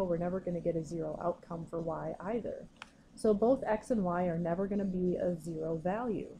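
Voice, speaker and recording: A woman's voice: on the low side, warm tone, a little hiss or hum, rough recording. Patient woman teaching a math lesson. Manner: patient, step-by-step explaining. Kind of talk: recorded classroom lesson.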